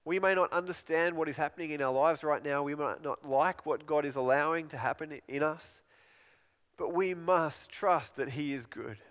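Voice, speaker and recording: A man's voice: a little high, moderate pace, a bit bright, long reverb tail. A man preaching a sermon in an earnest, pleading way, often repeating and restarting phrases.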